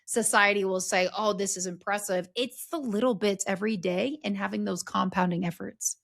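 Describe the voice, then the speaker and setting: A woman speaks earnestly in a relaxed conversational interview. Her storytelling is expressive and faith-tinged, with quick bursts where she acts out what other people said. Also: mid-range voice, vocal fry. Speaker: podcast guest, speaker and story strategist.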